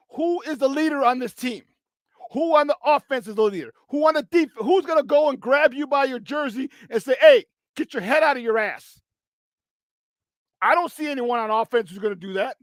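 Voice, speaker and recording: A man hosting a sports talk show, ranting bluntly and profanely with a voice strained from yelling. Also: extremely high pitch, dry recording, clean studio sound. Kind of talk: sports talk radio rant.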